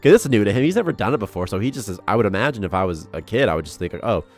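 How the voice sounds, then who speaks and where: A man's voice: lowish voice, expressive, rapid-fire, faint music behind. A man on a game development stream, talking casually and rambling with lots of "like" and laughter. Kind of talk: casual live-stream chat.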